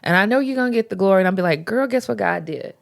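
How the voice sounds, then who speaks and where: A woman's voice: medium pitch, lively intonation, rapid-fire, creaky. A woman talking earnestly about faith in a casual podcast chat, with informal slang. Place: podcast recording.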